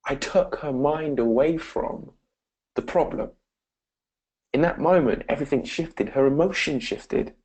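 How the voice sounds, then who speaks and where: The audio is poor, but you can hear a slightly high, unhurried male voice with a darkish, somewhat rough tone. He's a motivational speaker with a British accent, telling an earnest story about his life to camera and repeatedly saying "guys."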